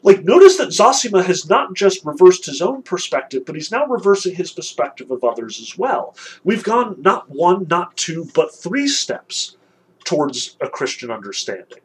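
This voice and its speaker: A man giving a literature lecture, reading passages aloud with animated, emphatic delivery and casual fillers. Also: high voice, moderate pace, husky, low-quality recording. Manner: fillers and restarts, conversational.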